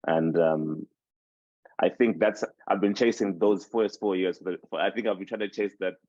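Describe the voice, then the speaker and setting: A man's voice: low-pitched, steady tone, moderate pace, darkish tone, dry recording. A man in his twenties from Zimbabwe, a native Shona speaker, reflecting on his life in a casual podcast interview, rambling and restarting his sentences. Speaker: podcast host interviewed as guest. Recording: dull dry sound.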